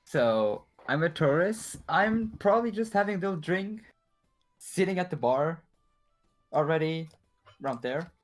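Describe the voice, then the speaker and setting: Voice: medium pitch, animated, measured pace, soft background music. A player in a tabletop game, talking in an easygoing, hesitant way. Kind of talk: casual tabletop play.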